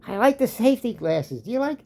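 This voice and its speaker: A man voicing a blustery male plant supervisor with an Australian accent, high and shouty. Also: big pitch swings, brisk, gravelly, exaggerated voice. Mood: blustering.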